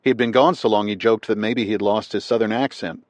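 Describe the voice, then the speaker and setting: Deep guy narrating an audiobook, steady and measured, dry close sound. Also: no room sound. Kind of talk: scripted nonfiction narration.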